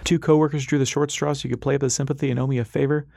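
A man's voice: medium pitch, level tone, rapid-fire, gravelly, dark tone, dry recording, studio quality, voice pushed up. A man narrator voicing a wry, stubborn male airship pilot in an audiobook, speaking in a sardonic way.

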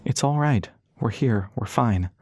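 A man's voice: mid-range voice, expressive, a little slow, darkish tone, breathy edge, no room sound, studio quality. A man voicing Ras, battered earnest young man.

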